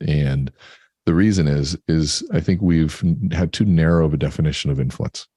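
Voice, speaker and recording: A man on a podcast, chatting and telling stories with lively voices for the characters. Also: a bass voice, moderate pace, slightly rough, no room sound. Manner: animated storyteller, acts out characters. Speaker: podcast guest. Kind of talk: casual conversation.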